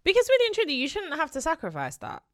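A woman, co-hosting a podcast in casual chat, telling stories in an animated way with sudden excited shrieks. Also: high-pitched, quick pace, dry recording, clean studio sound. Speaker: podcast co-host.

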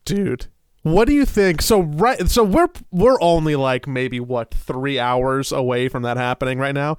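A man's voice: mid-range voice, a little slow, clean tone, no echo, clean studio sound. A young man co-hosting a casual podcast, rambling with stuttered repeats and laughing easily. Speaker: podcast co-host. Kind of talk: casual chat.

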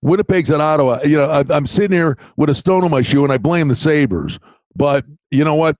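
A male podcast co-host with a high, lively voice that swings all over, talking sports bets in a loose, theatrical way. He hams things up as he goes. The sound is dry and close. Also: fairly quick, no echo. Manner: theatrical, hammy build-ups with mock voices. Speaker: podcast co-host, hockey betting. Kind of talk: casual sports betting chat.

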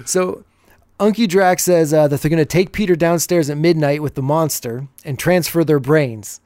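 A man's voice: on the high side, moderate pace, darkish tone, no echo, studio quality. A man hosting a podcast, casually recapping an old TV episode and chuckling as he retells the scenes.

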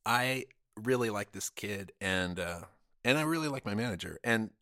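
Guy telling stories on a podcast, super lively voice, says dude a lot, dry sound. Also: on the low side, moderate pace, no room sound. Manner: animated, acts out quotes, swears, says dude. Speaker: podcast guest. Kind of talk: casual storytelling chat.

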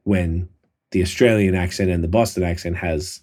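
A laid-back man with a Canadian accent co-hosts a casual podcast and keeps the talk moving from topic to topic. His voice sits fairly low, and he swears freely without ever sounding heated. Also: steady tone, normal speed, a little mellow. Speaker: podcast co-host. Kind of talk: casual chat.

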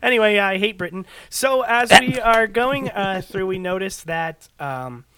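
A man's voice: high-pitched, animated, normal speed, crowd noise. A man co-hosting a podcast, recapping a film in rambling casual chat and laughing often. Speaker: podcast co-host. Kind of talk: casual movie-discussion chat.

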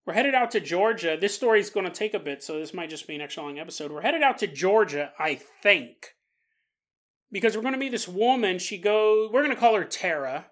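A woman's voice: medium pitch, expressive, fairly quick. A woman co-hosting a podcast, telling a story in a chatty way with joking asides. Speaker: podcast co-host. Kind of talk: casual storytelling.

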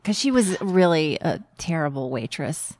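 A woman co-hosting a podcast in casual chat, easygoing and quick to laugh. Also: deep voice, animated, darkish tone, no echo. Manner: easygoing, laughs readily, agreeable. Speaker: podcast co-host.

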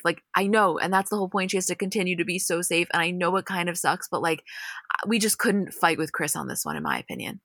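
A woman with a low, gravelly voice and a bright, forceful edge, talking close to a dry mic. She recaps scenes in a candid, profane, animated way, like a chatty podcast co-host. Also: fast, no echo. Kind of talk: casual recap chat.

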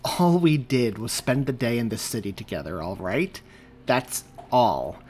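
A man's voice: mid-range voice, big pitch swings, unhurried, darkish tone. A man voicing a firm but flustered young man in an audiobook reading.

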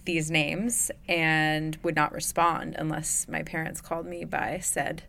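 A woman's voice: low-pitched, little pitch movement, a little slow, gravelly, fairly bright tone. A woman hosting a recovery podcast in a booth, in playful, jokey casual chat. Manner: playful, jokey, laughs often. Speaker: podcast host. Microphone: studio mic.

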